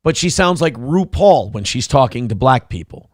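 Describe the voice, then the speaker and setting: A man's voice: mid-range voice, very animated, normal speed, no room sound, studio quality. A man hosting a morning talk show, crude, mocking and opinionated in casual banter. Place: radio studio.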